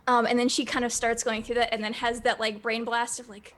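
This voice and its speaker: A woman playing her character in a tabletop game, talking in an animated way with lots of laughter and fillers. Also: a little high, a little fast, soft background music. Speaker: player.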